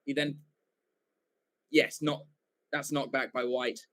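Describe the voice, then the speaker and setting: A man giving live fan commentary for a watchalong stream, excitable, swearing casually and often correcting himself mid-call. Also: medium pitch, slow.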